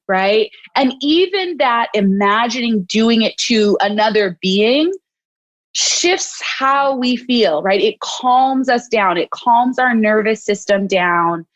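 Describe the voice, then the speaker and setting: A woman's voice: on the high side, slow pace. Woman psychologist explaining stuff, keeps saying right?, acts out little self-talk bits, kinda muffled lo-fi sound. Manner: reflective, explains with acted-out self-talk, often adds "right?". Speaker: clinical psychologist guest. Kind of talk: interview, explaining. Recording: dull lo-fi audio.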